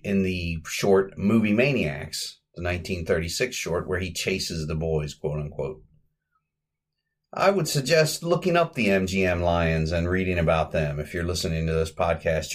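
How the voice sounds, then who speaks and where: A man hosting a podcast, chatting casually through an old comedy short in a rambling way and correcting himself as he goes. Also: low-pitched. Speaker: podcast host. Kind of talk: casual podcast film recap.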